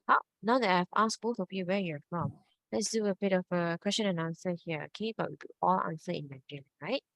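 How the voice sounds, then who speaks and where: A woman's voice: fairly low pitch, brisk, creaky, a bit bright, no room sound, low-quality recording. A woman teaching a Mandarin lesson, patiently checking understanding. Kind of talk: online language lesson.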